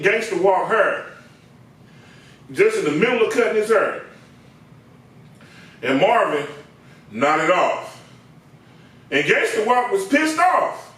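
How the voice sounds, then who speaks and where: High-voiced man telling a barbershop story. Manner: slangy, animated, acts out voices. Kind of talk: comedic storytelling. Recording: very echoey, distant from mic.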